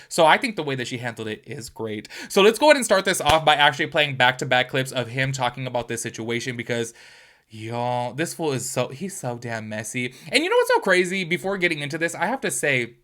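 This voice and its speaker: A man's voice: on the high side, fairly quick. A man hosting a reaction video, talking in a casual, gossipy way with lots of "like" and "y'all". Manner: animated, chatty, full of "like" and "y'all".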